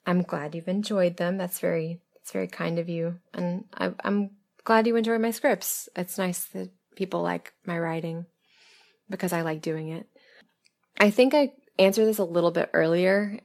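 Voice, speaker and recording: Losing her voice, this Southern American woman sounds a little hoarse and lowish as she works through listener questions at a moderate pace. She writes and performs audio scripts, and her casual Q&A monologue is candid, chatty, and self-deprecating, with soft laughter throughout.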